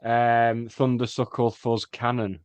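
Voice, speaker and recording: Man, mid pitch, podcast co-host, dry short remarks, dry close sound. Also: little pitch movement, slow, a little mellow, dry recording. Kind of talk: casual chat.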